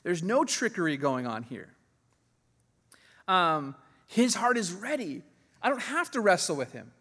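Male pastor, higher-pitched, animated sermon delivery, recorded in a reverberant church hall. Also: a little slow, husky. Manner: animated, laughs often, voices quoted figures.

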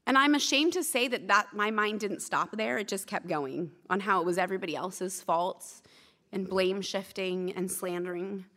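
A woman in her thirties preaches a sermon at church, weaving candid, self-deprecating stories in between her scripture teaching. Her voice is mid-range, bright, and forceful.

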